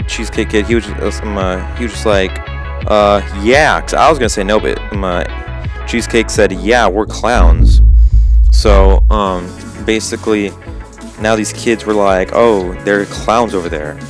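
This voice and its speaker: A man's voice: lowish voice, steady tone, moderate pace, music in the background. A teenage boy and gaming channel host telling a story casually, rambling with lots of fillers. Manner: rambling, full of "like" and "um".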